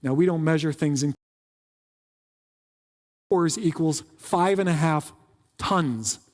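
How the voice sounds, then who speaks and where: A man preaching a casual, joking sermon as pastor, with quick asides to the congregation. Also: on the high side, a little mellow, long reverb tail. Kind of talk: conversational sermon. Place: church sanctuary.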